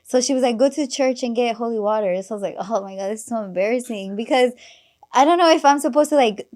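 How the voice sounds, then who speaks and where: A woman's voice: fairly high pitch, fast talker, darkish tone. A young woman hosting a podcast, telling a story in casual chat, laughing often and acting out the people she quotes, full of fillers and casual swearing. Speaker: podcast host.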